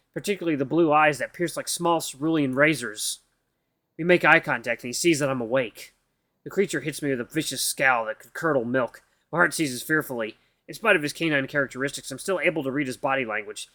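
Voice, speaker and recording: A man reads a visual novel aloud in a casual, tired way and sometimes trips over the words. His voice sits a little high for a man, and the sound is close and dry. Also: a little fast, sharp tone, no echo. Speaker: gaming YouTuber.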